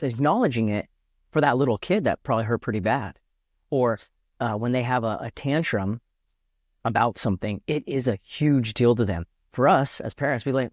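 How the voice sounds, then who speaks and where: As a podcast guest, a man speaks earnestly and reflectively in a casual conversation, frequently restarting sentences while thinking aloud. His voice is mid-range and brisk, captured in a dry, studio-quality recording.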